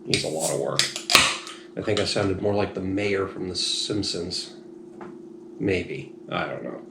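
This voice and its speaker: A man's voice: deep voice, steady tone, a little slow, creaky. A man reviewing beer in a rambling, frank, self-deprecating way, a little tipsy. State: slightly tipsy. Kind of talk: casual review monologue. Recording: echoey room, faint noise.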